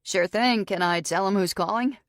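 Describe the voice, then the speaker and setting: A woman voicing a friendly male bartender answering a phone call in a brisk, helpful way. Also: high-pitched, fairly bright tone, no room sound, studio quality, pitched above the performer's own voice.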